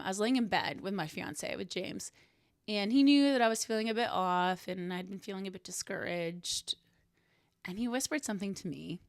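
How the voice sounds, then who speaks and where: A woman's voice: medium pitch, no room sound. Brief: young woman, podcast host, earnest reflective solo talk, dry close sound. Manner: earnest, warm, self-reflective, laughs softly.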